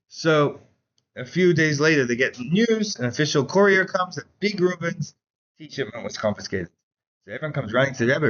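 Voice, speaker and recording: A man teaching a Chassidus class in a casual, animated storytelling way, saying "like" often. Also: a little high, fairly quick, lo-fi sound, a little hiss or hum. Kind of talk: Torah class lecture with storytelling.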